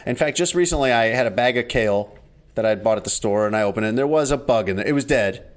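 A man's voice: mid-range voice, quick pace. A man co-hosting a podcast, telling stories in a wry, exasperated casual chat. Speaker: podcast co-host.

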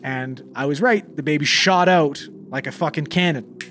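A man's voice: a little high, normal speed, fairly bright tone, slight background noise. A young man, a paramedic, casually telling a call story, swearing freely and acting out the dialogue.

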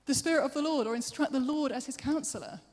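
A woman preacher giving a sermon, chatty and self-deprecating, with quick asides to the congregation. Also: high-pitched. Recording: long hall reverb.

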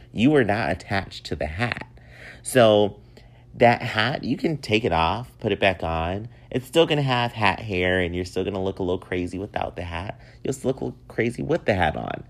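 Guy in his 30s doing a solo podcast, real deep voice, rambly and laughing a lot. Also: expressive, moderate pace. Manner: chatty and rambling, laughs often. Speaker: podcast host. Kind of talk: casual solo podcast monologue.

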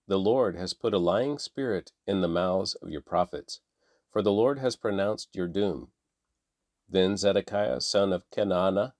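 Low-voiced man reading scripture. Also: no room sound, studio quality. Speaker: Bible reader.

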